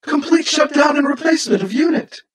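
A man doing a high, distant AI machine voice. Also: lively intonation, a little fast, a crowd in the background. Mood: cold. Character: rogue artificial intelligence machine, pleading.

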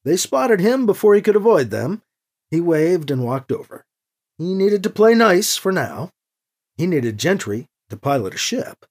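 A narrator reading a novel aloud in an expressive storytelling manner. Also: medium pitch, measured pace. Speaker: audiobook narrator. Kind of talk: scripted narration.

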